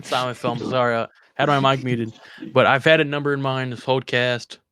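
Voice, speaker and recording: A man's voice: medium pitch, steady tone, fairly quick, fairly bright tone, slight background noise. A man co-hosting a video game podcast, talking in an easygoing, laid-back way. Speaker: podcast co-host. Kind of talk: casual chat.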